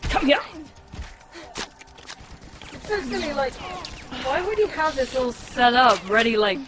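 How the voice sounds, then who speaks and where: Casting: animated, higher-voiced woman streamer, giggly and excitable, game noise under her. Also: a little slow. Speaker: let's play host. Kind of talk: casual gameplay commentary. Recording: noisy game audio in background.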